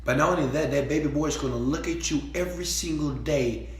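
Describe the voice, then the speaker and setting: A man giving a preachy motivational speech, repeating himself and swinging between quiet talk and shouting. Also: on the high side, fast talker, echoey room. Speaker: motivational speaker.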